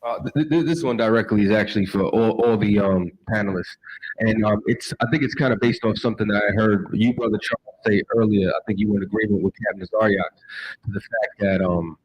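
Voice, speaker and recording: Low-voiced man asking a hesitant question. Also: a little fast, breathy edge, highs cut off. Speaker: audience questioner.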